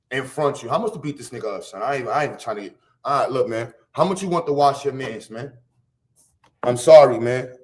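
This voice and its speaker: A man from Harlem, hosting a casual livestream rant full of profane, boastful street slang and loud bursts. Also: mid-range voice. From Harlem, New York. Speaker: livestream host.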